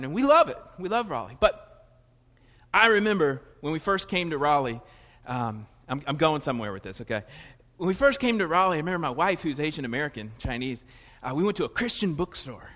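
A pastor from Florida with a Southern US accent preaches in a chatty, digressive manner, constantly correcting himself. His voice is on the high side with a fairly bright tone, heard in the long reverb of a large hall.

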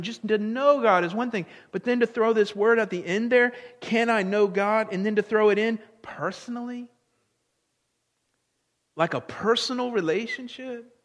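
A man's voice: high voice, a bit bright. A man in his late thirties preaching a sermon as pastor, earnest, asking rhetorical questions and repeating key phrases. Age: late 30s. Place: church sanctuary. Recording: long reverb of a large hall.

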